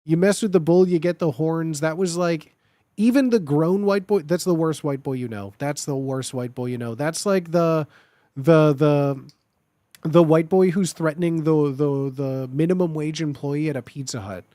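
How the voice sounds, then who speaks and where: A man's voice: a little high, moderate pace, dark tone, no echo, studio quality. A young man hosting a comedic tier-list show, riffing mock-seriously on catchphrases and repeating them in put-on voices. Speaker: host ranking phrases.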